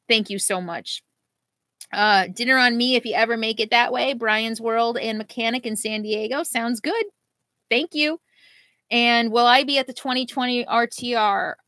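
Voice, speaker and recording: A middle-aged woman vlogger in a casual live Q&A, reading viewer comments and answering them in a halting, emotional way, at times near tears. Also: a little high, a bit bright, no room sound. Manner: emotional, halting, laughs through grief.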